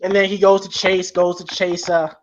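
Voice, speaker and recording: A man's voice: sits high, level tone, moderate pace. A man hosting a casual movie review chat, rambling through scenes with lots of fillers and laughs, on a dull lo-fi recording with faint hiss. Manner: rambling with many fillers and restarts, laughs often. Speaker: podcast host.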